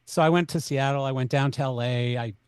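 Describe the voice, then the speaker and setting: Canadian man telling an animated story. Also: medium pitch, brisk, clean tone, no echo. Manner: animated, acts out both sides of dialogue. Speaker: podcast guest. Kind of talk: conversational storytelling.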